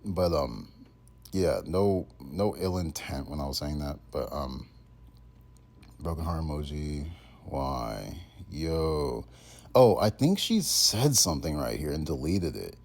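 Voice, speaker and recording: A man's voice: a bass voice, expressive, slow pace, creaky, darkish tone. A man in his twenties casually rambling in a monologue, full of fillers and slang. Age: 20s. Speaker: content creator.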